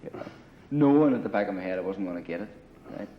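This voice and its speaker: A man's voice: lowish voice, lively intonation, fast talker, slight background noise. Profane rambling storyteller man, lo-fi. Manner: rambling, profane, full of "you know" and "right". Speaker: interviewee telling war stories. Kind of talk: casual storytelling. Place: grungy apartment. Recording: dull lo-fi 1980 film audio.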